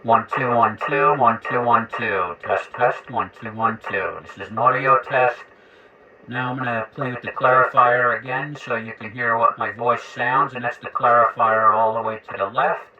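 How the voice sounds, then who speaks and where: A man's voice: medium pitch, steady tone, moderate pace, highs cut off, a loud crowd. Casual guy testing a radio mic. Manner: chatty, counting into the mic for radio tests. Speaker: radio equipment reviewer. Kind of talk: casual demo talk.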